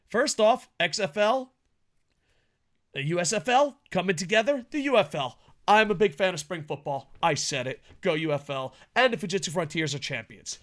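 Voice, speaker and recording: A man co-hosting a podcast in casual chat, loud and laughing, swearing through fast banter. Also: high voice, lively intonation. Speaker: podcast co-host.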